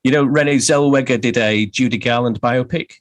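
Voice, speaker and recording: A man's voice: mid-range voice, brisk. A middle-aged Englishman, a guest author, telling wry, self-deprecating stories in a casual interview.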